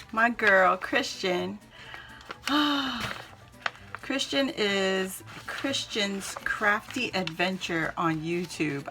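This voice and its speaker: A woman's voice: medium pitch, lively intonation, takes it slowly, a bit bright, soft background music. A woman hosting a craft channel, chatting casually through an unboxing and gushing with squealing exclamations.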